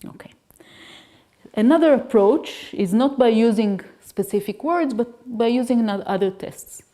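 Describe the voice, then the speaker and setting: A woman's voice: a little high, moderate pace, mellow. A woman, a native Hebrew speaker, giving an academic lecture as guest lecturer, explaining step by step with restarts and checks like "okay?". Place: lecture hall.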